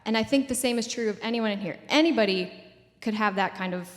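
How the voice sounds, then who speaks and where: A woman's voice: fairly high pitch, fast talker, big-room sound. A woman in her twenties giving a casual public talk at a community event, full of "like" and "um" fillers. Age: 20s.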